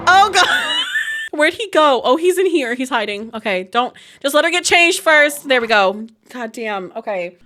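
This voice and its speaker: A young woman casually commenting while she plays a life-sim game, chatty and giggly, breaking into high squeals over cute moments. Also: huge pitch swings, a little slow, bright, forceful tone. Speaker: gaming video creator. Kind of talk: casual let's-play commentary.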